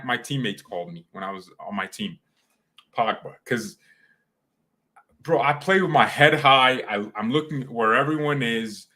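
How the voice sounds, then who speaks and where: A young man chatting casually on a live stream, rambling and excitable, full of slang and quick restarts. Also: mid-range voice.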